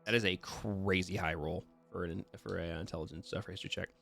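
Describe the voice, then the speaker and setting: A man's voice: low voice, fairly even intonation, fast talker, vocal fry, fairly bright tone, soft background music. A man running a tabletop game as dungeon master, narrating casually with fillers and restarts.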